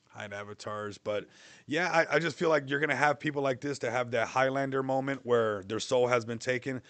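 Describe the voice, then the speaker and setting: A man's voice: on the low side, fairly bright tone, no room sound. Loose, rambling guy on a livestream. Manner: loose, rambling, mocking, laughs often. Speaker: livestream host. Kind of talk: casual livestream chat.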